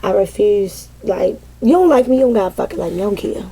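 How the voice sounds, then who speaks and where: A woman's voice: medium pitch, expressive, fast talker, gravelly, warm tone, slightly rough. A woman giving a casual vent session to her viewers as a tarot reader, dramatic and profane, often breaking into laughter.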